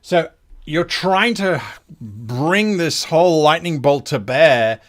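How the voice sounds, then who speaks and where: Slow-narrating male game master. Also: a little high, animated.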